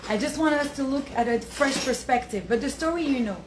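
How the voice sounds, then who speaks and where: A high-pitched young woman gives a Torah class to a small audience, telling stories with animation and frequent laughter, dropping in Hebrew and Yiddish words. The room is echoey, with a faint hum of ambience behind her. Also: brisk. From south of France. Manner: animated storytelling, laughs often; mixes in Hebrew and Yiddish terms. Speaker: Torah teacher. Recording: roomy echo, faint ambience.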